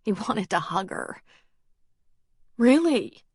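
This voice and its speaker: A woman narrating an audiobook in a calm, measured storytelling manner. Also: fairly low pitch, dry recording, studio quality. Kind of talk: scripted narration.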